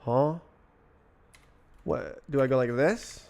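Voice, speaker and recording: A man's voice: mid-range voice, slow, vocal fry, darkish tone. A young British man live-coding on stream, thinking aloud in a casual, puzzled way and answering his chat between mutters to himself. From Britain.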